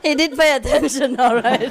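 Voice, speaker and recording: A woman teacher giving a spiritual lecture, telling jokes to an audience, laughing at her own punchlines and pausing often with "uh". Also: high voice, very noisy. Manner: halting, with many "uh" pauses.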